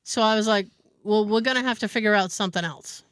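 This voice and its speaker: A woman podcast host telling an animated story in casual chat, laughing often. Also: medium pitch, quick pace, clean tone, no echo.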